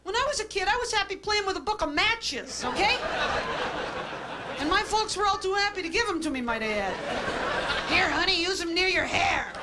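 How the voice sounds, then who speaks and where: A woman doing a stand-up comedy routine, delivering deadpan quips and tagging jokes with a flat "okay?". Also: extremely high pitch, a little fast, over a noisy crowd. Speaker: stand-up comic. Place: comedy club stage with a live audience. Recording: hissy old VHS tape with audience laughter.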